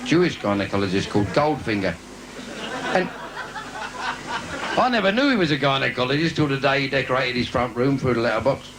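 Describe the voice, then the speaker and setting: A man doing bawdy stand-up cabaret patter on a theatre stage, with sudden squeaky asides. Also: expressive, fairly quick, pauses often. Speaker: stand-up comedian. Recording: noisy 1980s live video.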